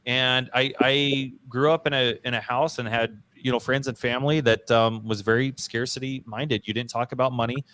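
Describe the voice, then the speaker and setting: This podcast host speaks in a fairly bright, mid-range voice with fairly even intonation, at a normal speed and with few pauses. Recounting something that happened to him, he's slangy, emphatic and quick to poke fun at himself, constantly saying "dude" and "bro."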